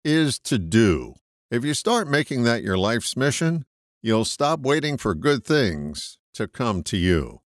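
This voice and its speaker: A man reading a short scripted motivational reflection, slowing down to stress key words. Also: mid-range voice, sing-song, no echo, studio quality. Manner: measured, slow emphatic stresses on key words. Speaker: host of a short reflection segment.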